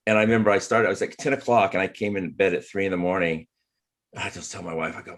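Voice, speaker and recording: A man's voice: fairly low pitch, fast talker, a bit bright. A man telling chatty personal stories in a casual group conversation, often laughing as he talks. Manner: chatty, laughs through anecdotes. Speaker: photographer and martial artist. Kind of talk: casual storytelling in group chat.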